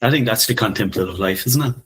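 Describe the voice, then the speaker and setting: Podcast co-host: man, 50s, husky and lowish voice, reflective and easy to laugh. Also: fast talker. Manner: soft-spoken, musing, laughs often. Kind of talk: reflective casual conversation.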